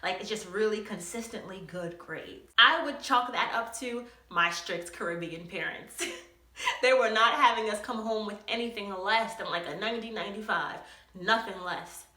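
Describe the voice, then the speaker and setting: A young woman vlogger telling a casual story, animated, laughing often and acting out quotes. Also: mid-range voice, normal speed, reverberant.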